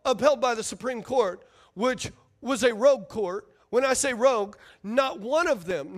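A man preaching a sermon as pastor, emphatic and fiery, firing rhetorical questions at his congregation. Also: high voice.

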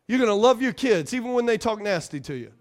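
A man with a strikingly high voice delivers a sermon. He leads the congregation in call-and-response, jokes along the way and repeats key phrases for emphasis. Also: expressive, quick pace. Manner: call-and-response, playful preaching with laughs. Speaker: pastor.

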